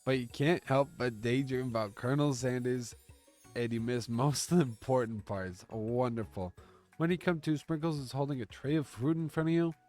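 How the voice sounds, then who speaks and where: A man's voice: mid-range voice, normal speed, darkish tone. Man reading a text game aloud with faint music. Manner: reads the story aloud and jokes and curses along. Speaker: streamer.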